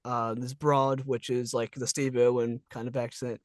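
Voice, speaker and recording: A man hosting a casual interview over a video call, relaxed, laughing often and using many fillers. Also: medium pitch, moderate pace, dry recording, clean studio sound. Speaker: interview host.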